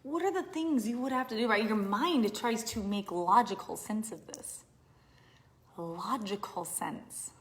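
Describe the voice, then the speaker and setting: A woman coaching in a casual live stream, talking to viewers with hyped energy, dropping into whispers and then bursting into loud exclamations. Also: mid-range voice, measured pace. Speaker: business coach. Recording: roomy echo.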